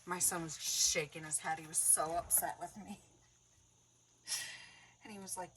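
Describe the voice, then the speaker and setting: A woman in a casual crafting chat who tells stories, laughs often and drops into soft whispered asides. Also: lowish voice, little pitch movement, moderate pace, long pauses, distant mic, a little hiss or hum, poor audio. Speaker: craft vlogger.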